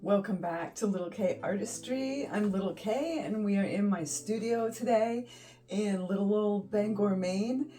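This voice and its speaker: A woman's voice: medium pitch, a little slow, dark tone, distant mic, poor audio. A woman in her fifties hosting her art channel, giggly and effusive, close to tears and laughing often. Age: 50s. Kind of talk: casual vlog chat. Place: home art studio. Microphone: phone.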